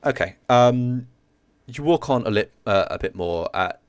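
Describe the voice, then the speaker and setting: A man's voice: medium pitch, animated, unhurried, clear, resonant tone, no echo. A man narrating as game master, hesitant with many fillers.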